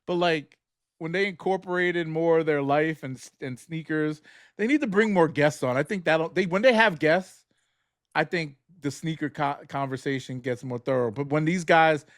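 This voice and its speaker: A man's voice: a little high, moderate pace, no echo, clean studio sound. A man with a New York accent chatting loosely on a podcast, cursing casually and trailing off mid-thought. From New York, Queens. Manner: loose, profane, laughs often, trails off. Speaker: podcast co-host. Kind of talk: casual chat.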